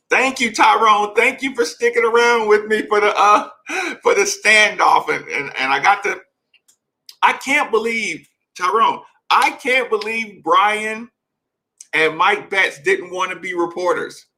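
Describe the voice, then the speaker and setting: A man's voice: high voice, sing-song, slow pace, sharp tone. A man hosting a casual late-night live show, rambling as he reads and answers chat comments.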